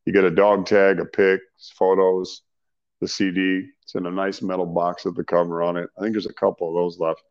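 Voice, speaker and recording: A middle-aged man, a singer, being interviewed, telling stories in a loose, animated way with slang and laughs. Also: sits low, a little fast, muffled recording. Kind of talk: casual storytelling interview.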